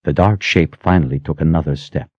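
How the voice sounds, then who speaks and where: A man reading a fantasy audiobook aloud in an expressive, dramatic way. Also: a bass voice, a little fast, no echo. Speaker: audiobook narrator. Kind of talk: scripted fantasy narration. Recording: dry, slightly muffled audio.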